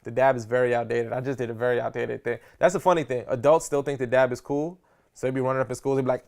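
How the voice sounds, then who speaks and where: Running a live public-speaking seminar, this speaker coach talks fast in a mid-range voice, full of energy and slang, and keeps checking in with the audience.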